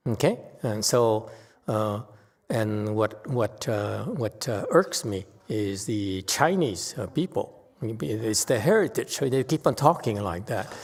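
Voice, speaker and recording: A middle-aged man giving an unscripted Dharma lecture, halting and full of fillers, bluntly stating his opinions. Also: on the low side, lively intonation. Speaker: Buddhist teacher giving a Dharma talk. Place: temple hall. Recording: long hall reverb.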